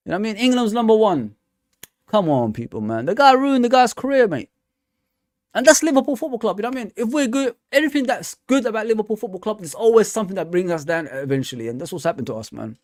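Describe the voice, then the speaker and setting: A man's voice: high-pitched, sing-song, fast, no room sound, clean studio sound. Ranting man, fan stream host. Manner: ranting, repeats "man" and "come on". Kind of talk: casual live-stream football talk.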